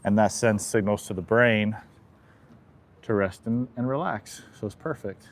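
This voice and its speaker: Calm man explaining horse chiropractic. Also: fairly low pitch, a little slow. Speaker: equine chiropractor. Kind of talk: hands-on demonstration.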